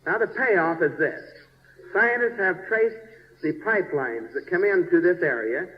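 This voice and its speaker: A man's voice: high voice, expressive, measured pace. A man, a church bishop, narrating a slide show in a folksy, chatty way, checking in with his listeners and groping for place names. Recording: dull 1970s recording with long reverb.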